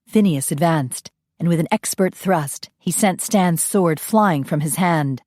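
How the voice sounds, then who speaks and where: A woman with a lowish voice reads scripted audiobook narration in a steady, measured manner. The recording is dry and studio quality.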